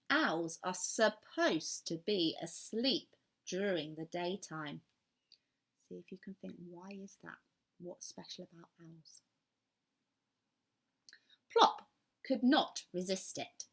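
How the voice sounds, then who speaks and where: Slow, expressive woman reading a storybook. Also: medium pitch. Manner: expressive, pauses to ask questions. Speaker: primary school teacher. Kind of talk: reading a storybook aloud to children.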